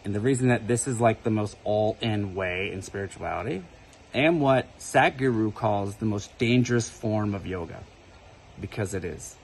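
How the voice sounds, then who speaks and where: A man's voice: on the low side, moderate pace, creaky, a little hiss or hum, rough recording. A man casually telling a personal spiritual story to camera, talking conversationally and often checking in with "right?". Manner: conversational, keeps asking "right?". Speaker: spiritual video creator.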